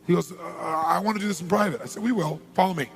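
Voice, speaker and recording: A man's voice: high voice, fast, gravelly. A man giving an emphatic motivational talk at a seminar, telling a story and repeating key phrases for weight. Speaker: motivational speaker.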